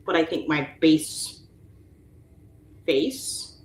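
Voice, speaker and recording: Speaking extremely slowly in a low voice, a woman in her late thirties runs a casual livestream, reading viewer comments aloud and laughing often. The room is echoey, with faint ambient noise.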